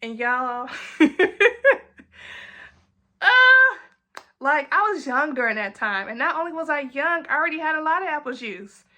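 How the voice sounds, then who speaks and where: A young woman tells a story in a lively way, dropping into quick voices for her friends. Her tone is bright and sharp. She speaks in a casual vlog style. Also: high voice. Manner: animated, acts out friends' lines in quick quoted voices. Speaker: vlogger.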